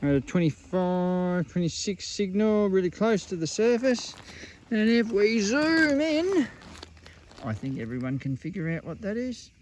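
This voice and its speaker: An Australian man excitedly showing off metal detecting finds at an old rubbish dump, in a casual outdoor vlog full of slang. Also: sits high, normal speed, few pauses.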